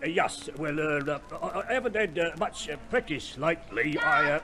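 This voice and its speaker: A man's voice: on the high side, expressive, normal speed, very noisy, natural voice. An actor playing a pompous older colonel in an old radio play, plummy and stammering through his lines. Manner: plummy, hesitant, full of ums. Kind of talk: 1950s radio play acting.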